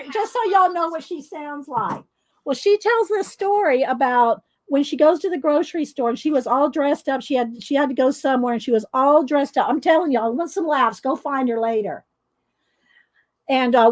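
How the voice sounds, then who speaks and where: Woman host, chatty rambling storyteller, higher voice, laughs often. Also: lively intonation, moderate pace. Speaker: adult coloring video host. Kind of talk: casual storytelling to viewers.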